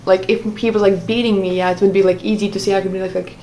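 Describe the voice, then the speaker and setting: A woman's voice: medium pitch, little pitch movement, fast, dark tone, slight background noise, rough recording. Hesitant woman vlogger full of fillers. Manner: hesitant, many "like" fillers and self-corrections. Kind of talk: personal storytime vlog.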